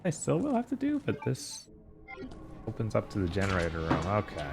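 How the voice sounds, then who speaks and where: A man casually commenting on his own play during a gaming stream, with low-key remarks. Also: wildly swooping pitch, a little fast, vocal fry, over music. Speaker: streamer playing the game.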